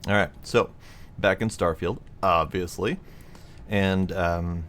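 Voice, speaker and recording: Low-voiced man doing playful game commentary. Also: moderate pace, a little hiss or hum. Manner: playful, rambling, thinks aloud with fillers. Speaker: gaming video host. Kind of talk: casual let's-play commentary.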